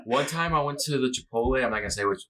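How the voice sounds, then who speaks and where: A man's voice: medium pitch, very fast, sharp tone, poor audio. Young man rambling through a story. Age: young adult. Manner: rambling storyteller, many fillers. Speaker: podcast co-host. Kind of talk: casual chat.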